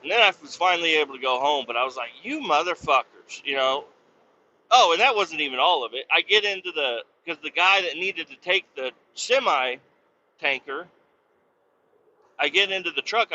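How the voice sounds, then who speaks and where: Guy venting about work, swears a ton, real bright sharp voice, kinda lo-fi. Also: a little high, expressive, a little fast. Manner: profane, rambling rant. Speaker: podcast host. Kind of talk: casual storytelling. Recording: slightly dull lo-fi sound with faint noise.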